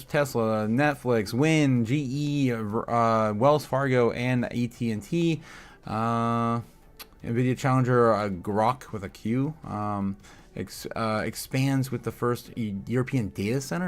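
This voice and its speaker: A man's voice: medium pitch, clear, resonant tone. Rambling man reading chat. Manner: rambling, lots of filler "uh", laughs at chat. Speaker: host of a crypto livestream. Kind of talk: casual livestream chat, reading headlines and chat.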